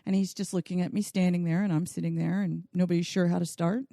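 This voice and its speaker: A woman's voice: lowish voice, little pitch movement, fast talker, vocal fry, warm tone, no echo, clean studio sound. A woman telling a bawdy comic story from her own life on a podcast, laughing often and acting out the voices she quotes.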